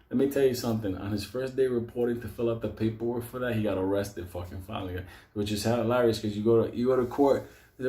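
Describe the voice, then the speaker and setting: A man's voice: fairly low pitch, fast talker, echoey room. A man casually telling comic stories about an old friend, swearing constantly and breaking into laughs. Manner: animated, heavy swearing, laughs often. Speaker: storyteller. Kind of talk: casual profane storytelling.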